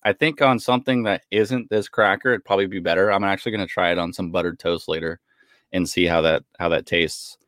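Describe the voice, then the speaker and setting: A man's voice: low voice, fairly quick, dry recording, studio quality. A man co-hosting a podcast, chatting casually and swearing freely while he tastes food on camera. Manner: profane, chatty, animated while eating. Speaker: podcast co-host.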